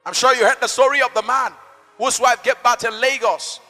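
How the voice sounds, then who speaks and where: High, bright-voiced preacher. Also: male voice, steady tone, brisk, in a large hall, soft background music. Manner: dynamic, rhetorical, swings between shouting and soft asides. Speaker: pastor. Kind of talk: sermon.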